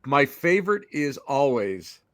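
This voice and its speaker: A man hosting a casual interview, offering reflective thoughts in a relaxed, agreeable way. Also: mid-range voice, unhurried, no room sound. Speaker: podcast host.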